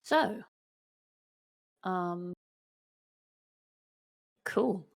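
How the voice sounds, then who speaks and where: A woman's voice: on the low side, lively intonation, very slow, gravelly. A woman playing a tabletop role-playing game, chatting in a giggly, gossipy way. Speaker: player. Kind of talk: casual in-character chat.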